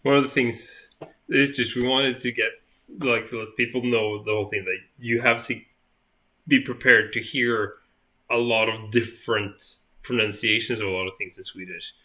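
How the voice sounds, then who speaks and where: A young man with a bright, forceful tone talks casually on a live stream. He sounds tired and rambles through many fillers and restarts. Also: medium pitch, steady tone, normal speed. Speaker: co-host.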